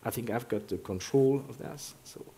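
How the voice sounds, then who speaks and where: A man's voice: medium pitch, normal speed, gravelly, mellow, breathy edge. A man, a project director, presenting at a conference, often repeating words as he restarts phrases.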